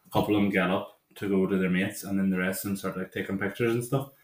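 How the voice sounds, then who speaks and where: A man's voice: low-pitched, steady tone, fast talker, reverberant. Rambling Northern Irish lad in his twenties. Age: 20s. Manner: rambling, laughing anecdotes with lots of "like". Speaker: podcast co-host. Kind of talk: casual storytelling chat.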